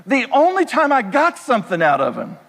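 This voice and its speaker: A pastor delivering a sermon in a conversational way, throwing rhetorical questions at the congregation. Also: male voice, very high voice, wildly swooping pitch, a little fast, a bit bright. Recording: echoey hall reverb.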